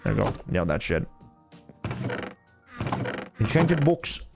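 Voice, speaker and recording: A man's voice: fairly low pitch, big pitch swings, slow, vocal fry, over music. A young man streaming a game, chatting casually and rambling with heavy swearing. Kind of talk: casual chat while gaming.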